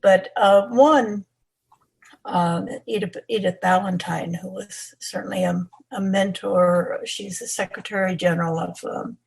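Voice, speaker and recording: An older woman, a guest historian and author, reflecting in an interview with a husky, creaky voice and many "um"s. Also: mid-range voice, steady tone, measured pace, rough recording. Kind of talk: interview conversation.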